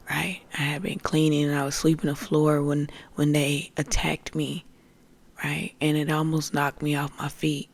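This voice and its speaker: A spiritual podcast host telling a story in a casual monologue, calling listeners "family" and swinging between loud outbursts and hushed whispers. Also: medium pitch, gravelly. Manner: addresses listeners as family, streetwise slang.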